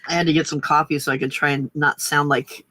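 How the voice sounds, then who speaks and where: A woman chatting casually on a livestream, giggling often and filling pauses with ums. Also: deep voice, level tone, sharp tone, a little hiss or hum. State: slightly husky morning voice. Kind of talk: casual chat.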